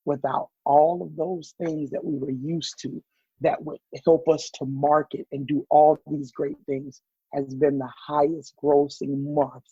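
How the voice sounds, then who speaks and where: Southern man in his guest seat, husky and pitched a bit high, tells lively stories and acts out the voices in them. Dull, muffled podcast sound. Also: no room sound. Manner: animated storyteller acting out quoted voices. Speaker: podcast guest, business owner. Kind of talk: casual interview chat.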